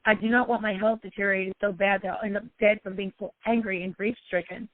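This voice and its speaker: A woman's voice: steady tone, quick pace, dry recording, phone-quality sound. A woman life coach talking personally to her followers, emotional and repetitive. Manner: emotional, repetitive, sometimes cries out high.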